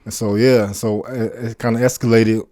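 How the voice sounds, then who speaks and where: A man who is a podcast guest, telling his own story in a reflective, earnest way, with halting restarts. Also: fairly low pitch, level tone, warm tone, no room sound, studio quality. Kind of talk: casual conversational storytelling.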